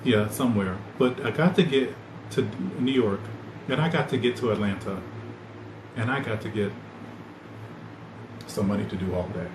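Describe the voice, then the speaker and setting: A man hosting a podcast, rambling loosely in animated, slangy casual chat. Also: lowish voice, normal speed, long pauses. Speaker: podcast host. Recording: echoey room with loud ambient noise.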